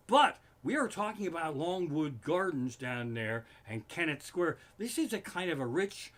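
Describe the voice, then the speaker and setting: Man, comedian, profane rant, lively swooping pitch, bright tense tone. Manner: swears constantly, flares into loud outbursts. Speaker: comedian hosting a livestream. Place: living room at home.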